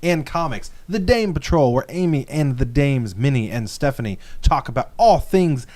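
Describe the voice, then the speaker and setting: An enthusiastic man hosts a casual comics podcast, plugging shows and sponsors with energy. His pitch moves around a lot as he talks. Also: moderate pace. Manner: enthusiastic, animated plugs. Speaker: podcast host.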